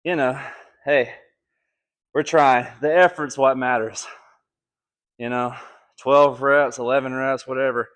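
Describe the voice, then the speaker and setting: A man's voice: mid-range voice, steady tone, measured pace, pauses often, fairly bright tone. A young man from Alabama talking casually through a home kettlebell workout, a little out of breath, joking and counting down reps on a camera mic. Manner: laid-back, joking, counting reps between sets. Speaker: fitness vlogger. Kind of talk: casual workout follow-along chat.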